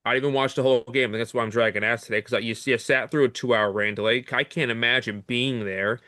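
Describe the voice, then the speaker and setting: A man's voice: mid-range voice, fairly even intonation, fast talker, bright, forceful tone, no room sound. Male co-host, mid-range voice, frustrated rambling chat, dry close mic. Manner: frustrated, rambling, casual swearing. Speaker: podcast co-host. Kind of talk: sports talk podcast.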